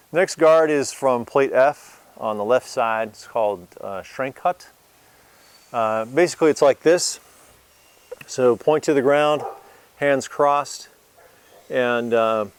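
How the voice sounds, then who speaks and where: A man casually explaining sword guards as an instructor, relaxed and hesitant with many fillers. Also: mid-range voice, smooth, no echo. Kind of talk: casual demonstration lesson.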